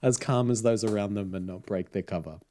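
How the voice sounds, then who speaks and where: A man's voice: fairly low pitch, fairly quick, warm tone. A man casually retelling a story as podcast host, with frequent ums and laughs. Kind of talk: casual chat.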